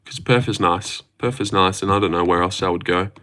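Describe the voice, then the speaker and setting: A man's voice: deep voice, fairly quick, sharp tone. A young Australian man casually chatting on a livestream, answering chat questions with a laid-back, jokey manner. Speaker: streamer reading chat.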